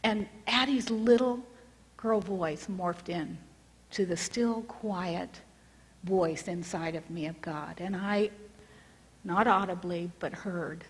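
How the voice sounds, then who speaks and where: Female preacher, breathy tone, reflective storytelling with hushed moments, long reverberant hall. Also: medium pitch, slow pace. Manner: reflective storytelling, drops to a hush. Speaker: speaker addressing a congregation. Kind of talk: sermon.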